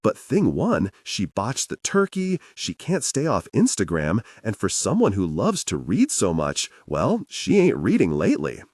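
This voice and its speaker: A man's voice: lowish voice, wildly swooping pitch, unhurried, hardly any pauses, a little mellow, slightly rough, no echo, clean studio sound. A man narrating a thriller audiobook in the first person, with a sardonic, obsessive inner-monologue manner.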